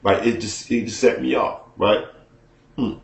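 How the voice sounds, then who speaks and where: A man's voice: on the low side, fairly even intonation, measured pace, gravelly, echoey room. A man telling a personal story to his viewers as a profane, conversational rant, often checking in with the listener. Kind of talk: casual storytelling rant to camera.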